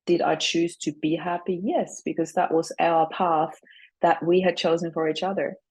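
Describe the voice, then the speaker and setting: A woman's voice: lowish voice, fairly even intonation, normal speed, darkish tone, slightly rough, poor audio. A middle-aged woman speaking earnestly as a guest on an interview about grief, drawing on her own experience. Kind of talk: reflective interview answers.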